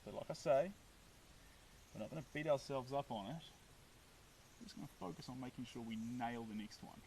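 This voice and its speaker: A man's voice: medium pitch, brisk, vocal fry, darkish tone, recorded from a distance, a little hiss or hum, low-quality recording. A man with a New Zealand accent chatting upbeat and casually while painting on a live stream, reading out viewer comments.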